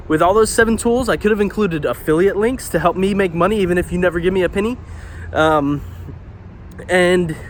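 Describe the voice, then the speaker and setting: A man's voice: high-pitched, a little hiss or hum. A web designer and marketer talking casually while he paces, a little out of breath, with lots of fillers. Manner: conversational, lots of fillers and "right?". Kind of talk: casual explainer monologue.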